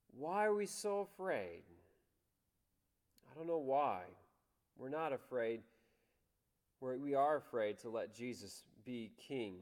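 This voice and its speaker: A man preaching a sermon with passion, moving between loud declarations and hushed, soft lines. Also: medium pitch. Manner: impassioned, dramatic swings between loud and hushed. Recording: long hall reverb.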